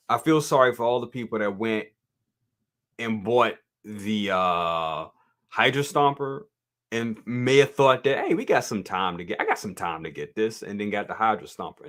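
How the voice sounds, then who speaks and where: The host of this live toy review stream has a fairly low-pitched, fairly bright voice. He chats casually, reads viewer comments aloud and talks directly to his audience, often repeating himself and laughing easily.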